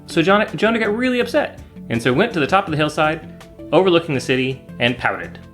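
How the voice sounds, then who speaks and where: A man teaching children, telling a Bible story in a playful, animated way with silly asides. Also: on the high side, quick pace, soft background music.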